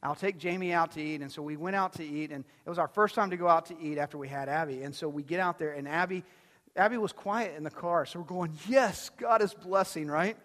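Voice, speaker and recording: A man's voice: on the high side, fast, a bit bright. A male pastor preaching a sermon in a conversational, storytelling way, often putting questions to the congregation. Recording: long hall reverb.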